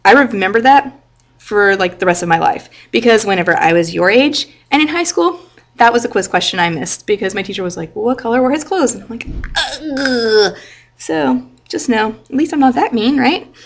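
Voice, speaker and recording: A woman teaches a high school literature class, stopping her reading to explain it in plain words. She talks in a loose, chatty way with lots of "like" and "right?" Her voice is middle-pitched. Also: expressive, fairly quick. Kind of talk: literature lecture with reading aloud.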